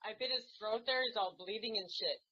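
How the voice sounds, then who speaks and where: A woman's voice: medium pitch, fairly quick. A woman guest joking brashly with the host in a playful way. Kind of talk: joking banter. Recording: muffled with crowd noise.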